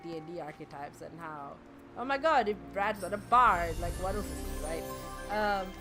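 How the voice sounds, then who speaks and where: A woman VTuber chatting casually and rambling while she plays a game on a fundraiser stream, laughing often and swearing now and then. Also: fairly low pitch. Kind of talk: casual live-stream chat while gaming. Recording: game music playing clearly behind.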